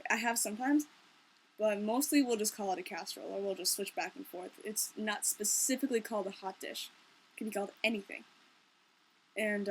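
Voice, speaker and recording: Slight background noise accompanies this young vlogger from Minnesota's Twin Cities area, whose voice is mid-range. She chats casually without a script, joking in a wry, easygoing way.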